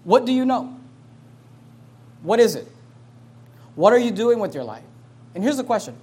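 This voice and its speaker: High-voiced man preaching emphatic sermon. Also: sing-song, normal speed, pauses often. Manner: emphatic, repeats rhetorical questions, swings from soft to loud. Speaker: pastor.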